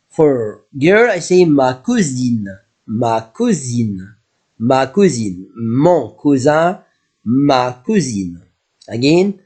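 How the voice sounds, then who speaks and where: Slow, patient male French teacher. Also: mid-range voice, dark tone. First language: Arabic. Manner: explains in English, repeats French words slowly. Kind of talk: slow classroom language lesson.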